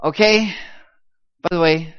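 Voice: medium pitch, slow pace, clean tone, dull audio. A missionary giving an upbeat church talk to a live audience, teasing them kindly and singing out syllables to demonstrate the tones.

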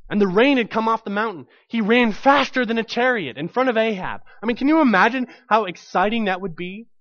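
High-voiced man preaching a lively sermon. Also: a little fast, muffled recording. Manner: animated storytelling, acts out quoted voices.

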